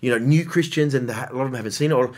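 A man hosting a podcast in casual chat, telling stories in an animated way with quick restarts. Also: medium pitch. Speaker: podcast host.

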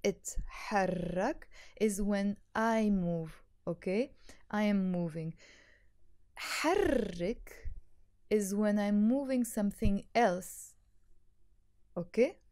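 A woman teaching a language lesson, patiently explaining and repeating words slowly for learners. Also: mid-range voice, dark tone. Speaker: Arabic teacher.

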